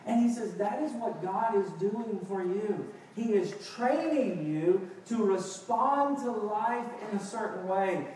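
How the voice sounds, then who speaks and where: High-voiced preacher in a booming hall. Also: male voice, slow, hardly any pauses, a little mellow, slight background noise. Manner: impassioned preaching, rising to emphatic outbursts. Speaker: pastor. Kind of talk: sermon. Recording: echoey hall, picked up from a distance.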